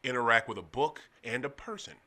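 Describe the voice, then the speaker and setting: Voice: medium pitch, a little fast, pushed and bright. Chatty, affirming radio host. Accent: St. Louis, Missouri. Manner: affirming, chatty, frequent backchannels. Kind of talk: casual interview chat.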